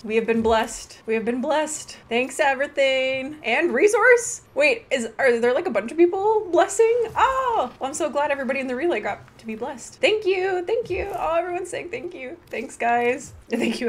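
A young woman chats casually through a gaming live stream in a fairly high voice, bubbly and quick to giggle. She reads chat messages aloud and reacts with excited little exclamations. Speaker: livestream host.

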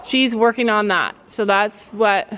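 A woman's voice: mid-range voice, a little slow, fairly bright tone. A middle-aged woman filming her daughter at a riding arena, chatting and explaining to viewers with sarcastic jokes. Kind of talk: casual commentary to camera.

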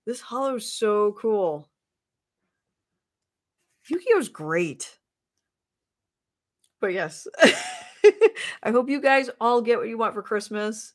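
Upbeat woman streamer, lively pitch, chatty and giggly with her viewers. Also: takes it slowly, long pauses. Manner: bubbly, greets chatters, frequent laughs. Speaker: streamer opening trading cards. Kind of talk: live stream chat.

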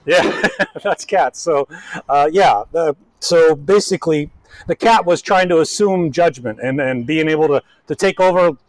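A man's voice: a little high, moderate pace, no room sound, poor audio. Chatty folksy pastor, man, dry sound. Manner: folksy, chatty, with frequent restarts and asides. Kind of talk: casual sermon.

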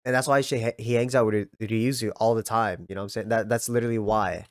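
A young man giving casual, excitable reaction commentary, laughing often and reading lines aloud in a slangy way. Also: on the low side, fast, no room sound, clean studio sound. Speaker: anime reaction youtuber.

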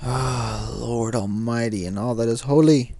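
A young gameplay commentator speaks at a measured pace in a warm, medium-pitched voice. As he drives in a racing game, he grumbles and swears at the cars, annoyed and talking to the game over music and car sounds.

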